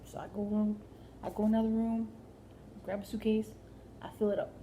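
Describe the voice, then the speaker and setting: A woman's voice: medium pitch, level tone, normal speed, dark tone, slight background noise. Rambling woman telling a comic story. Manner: rambling, with many fillers and "like". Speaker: comedian.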